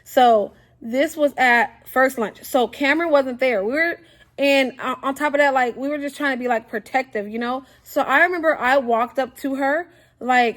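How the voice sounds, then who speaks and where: A young woman telling a casual storytime, animated and full of fillers, acting out what people said. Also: high voice, moderate pace. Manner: animated, acts out quotes, frequent fillers.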